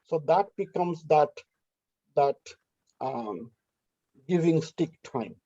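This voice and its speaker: Gravelly man rambling on a muffled call. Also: on the high side, lively intonation, slow, warm tone, no room sound. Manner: rambling, repeats "you know what I mean". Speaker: festival organizer. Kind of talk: casual rehearsal discussion.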